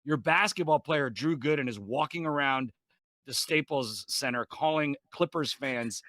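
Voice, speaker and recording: Brash bright-voiced male comic. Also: medium pitch, a little slow, no room sound. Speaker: comedian guest. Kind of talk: animated comic storytelling. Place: home, video call.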